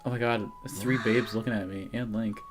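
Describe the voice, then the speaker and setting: A young man co-hosting a casual let's play, goofy and giggly, stammering a bit and yelling at the screen at times. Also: lowish voice, fairly even intonation, brisk. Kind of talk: casual gaming commentary. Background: game music.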